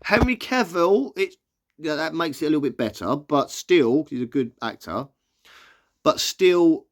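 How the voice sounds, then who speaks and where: A man chatting casually as he reads out film listings and gives his quick opinion on each. His voice is lively, swinging up and down in pitch as he talks. He stumbles a little when reading text aloud, then carries on in an easy, conversational way. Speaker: movie vlogger. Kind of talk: casual reaction commentary.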